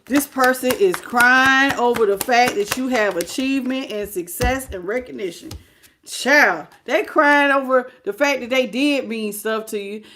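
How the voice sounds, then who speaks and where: Tarot reader, woman, higher voice, chatty livestream host reading cards. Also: unhurried, a little hiss or hum. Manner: casual, animated, greets live chat.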